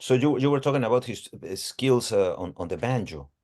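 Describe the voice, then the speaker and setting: A man's voice: medium pitch, expressive, fairly quick, a little mellow. A male interviewer who stumbles and repeats words while shaping his questions.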